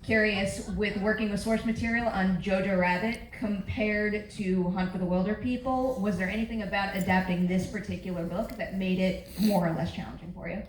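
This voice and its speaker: A woman's voice: medium pitch, fairly even intonation, normal speed, few pauses, a little hiss or hum. A woman interviewer asking questions on a theater stage in a friendly, lightly teasing way. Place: large theater before a live audience. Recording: roomy hall from a distance, loud audience.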